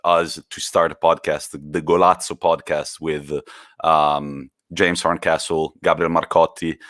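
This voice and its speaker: A man co-hosting a casual football podcast, animated and swearing freely as he retells stories. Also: extremely low pitch, a little slow, no room sound, studio quality. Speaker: podcast co-host.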